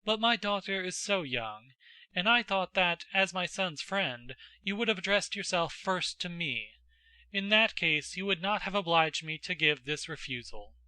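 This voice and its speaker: A stern aristocratic mother of middle age, voiced by a male reader, curt and sarcastic. The tone is sharp and bright, and the reading is close and dry. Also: high-pitched, lively intonation, a little slow, no room sound, heavily acted. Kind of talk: audiobook character voice.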